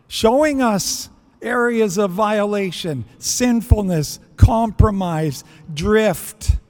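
A man's voice: high voice, big-room sound. A man preaching a sermon in earnest, acting out prayers and bits of dialogue as he goes. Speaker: pastor.

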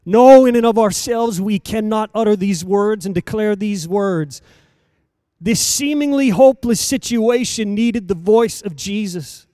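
A man preaching a sermon in a rhythmic, repetitive cadence, swinging between hushed lines and loud emphatic calls. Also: high voice, measured pace, clear, resonant tone, dry recording, studio quality.

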